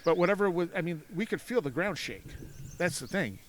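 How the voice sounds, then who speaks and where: A man telling a story as a podcast guest outdoors at a cemetery, animated, acting out voices in his anecdotes and laughing often. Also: high-pitched, a little fast, a little hiss or hum. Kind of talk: casual storytelling.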